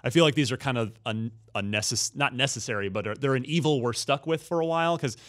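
A man hosting a casual gaming podcast panel, often pausing with fillers and restarting his sentences. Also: medium pitch, fairly bright tone. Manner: hesitant, hedging with fillers. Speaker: podcast host.

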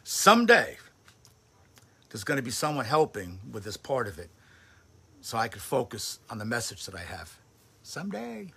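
A male pastor delivers a homey, conversational sermon over a livestream, now and then leaning hard into a word. His voice is bright and tense, with a gravelly edge. Picked up on a phone or webcam. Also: on the low side, animated, a little fast. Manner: conversational preaching with emphatic bursts. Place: home livestream setup.

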